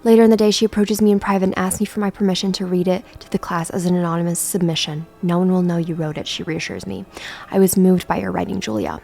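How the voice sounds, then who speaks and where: A woman's voice: mid-range voice, little pitch movement, fast talker, vocal fry, mellow, faint music behind. A young woman YouTuber reading passages from a memoir aloud and commenting candidly between them. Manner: candid, swears casually.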